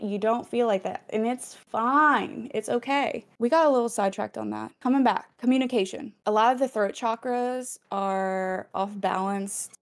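A woman hosting a casual spiritual chat, reading viewer comments, chatty and encouraging, with plenty of fillers. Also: fairly high pitch. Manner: chatty, filler-heavy, acts out little quoted exchanges; encouraging, affirming. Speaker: host of a spiritual channel.

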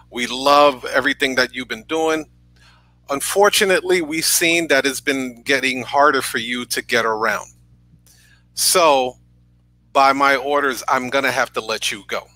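A man's voice: medium pitch, pushed and bright, no echo, low-quality recording. A man from New York, a podcast guest on a video call, earnestly telling a personal story and often checking in with "right?".

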